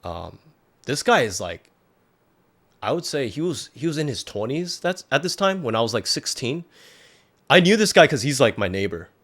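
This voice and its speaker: A man's voice: medium pitch, big pitch swings, normal speed, a bit bright. A young adult man, a podcast guest, telling a personal story in a rambling, casual way full of filler words and restarts.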